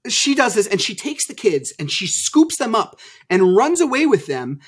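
A man as a podcast guest, telling his story candidly over a video call and acting out old arguments with sudden loud bursts. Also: sits high, normal speed, slightly rough. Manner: animated, acts out past arguments.

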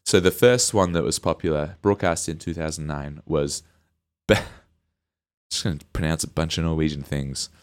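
A man's voice: rumbling low, steady tone, normal speed. A man co-hosting a comedy podcast, chatting casually, rambling and laughing often. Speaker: podcast co-host.

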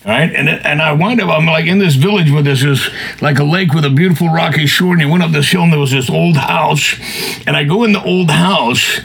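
A man's voice: a little high, a little fast, gravelly, fairly bright tone, slightly rough, low-quality recording. A man telling a long personal story in a folksy, rambling way, often throwing in "man" and "you know". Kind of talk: casual storytelling.

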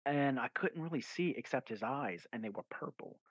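A man's voice: mid-range voice, lively intonation, normal speed, slightly rough, no echo. A man, a guest author, telling a story in a casual podcast interview, rambling with fillers and restarts and acting out his own quoted lines. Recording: dull, lo-fi and dry.

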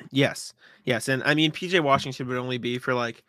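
A man's voice: mid-range voice, fairly even intonation, brisk, a bit bright, no echo, studio quality. A man co-hosting a casual basketball podcast, easygoing, asking questions and laughing often. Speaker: podcast co-host.

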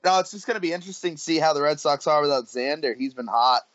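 A man's voice: on the high side, fast, fairly bright tone, no room sound, highs cut off. Casual man rattling off baseball stats. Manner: rattles off stats with filler restarts. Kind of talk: casual sports chat.

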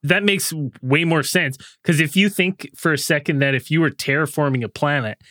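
Casting: higher-pitched male co-host, animated, casual swearing, dry sound. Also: normal speed, dry recording. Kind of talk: casual podcast chat.

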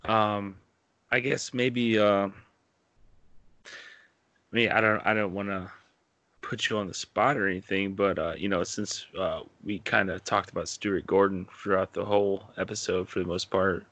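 A man hosting a podcast in a relaxed, loose way, padding his talk with fillers and "you know". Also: low-pitched, normal speed, no room sound. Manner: laid-back, filler-heavy with lots of "you know". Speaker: podcast host. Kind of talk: casual interview chat.

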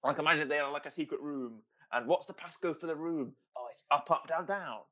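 A man co-hosting a casual podcast, chatting and joking with quick impressions. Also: on the high side, sharp tone, dull audio. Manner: jokey, puts on impressions. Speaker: podcast co-host. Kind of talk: casual chat review.

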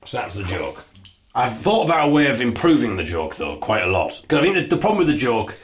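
A man hosting a podcast, delivering a deadpan, self-mocking comic monologue while sitting in a bath. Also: medium pitch, brisk. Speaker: podcast host.

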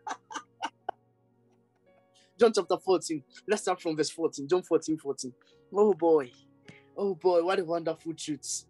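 A man's voice: on the high side, a little slow, pauses often, mellow, dry recording, soft background music, poor audio. A man preaching a charismatic sermon, exclaiming ecstatically and breaking into tongues.

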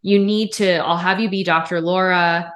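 A woman co-hosting a podcast conversation, relaxed and joking. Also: fairly low pitch, normal speed. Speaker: podcast co-host. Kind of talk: casual conversation.

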